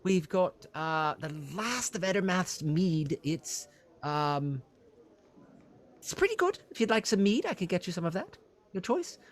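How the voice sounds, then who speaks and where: Fussy high-voiced innkeeper, heavy-set and eager to please, put on by a man. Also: very animated, measured pace. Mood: hospitable.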